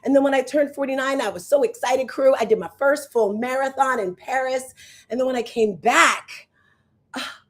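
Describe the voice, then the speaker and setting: A woman in her fifties hosting a show as a fitness coach, chatting casually and telling animated stories to her viewers. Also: sits high, normal speed. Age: 50s. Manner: animated storyteller, acts out voices and exclamations.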